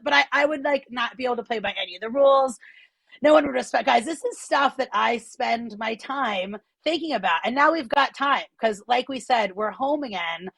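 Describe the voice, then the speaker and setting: A woman comedian doing animated, self-deprecating stand-up from home over a video call on her phone. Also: sits high, vocal fry, slightly rough, dry recording.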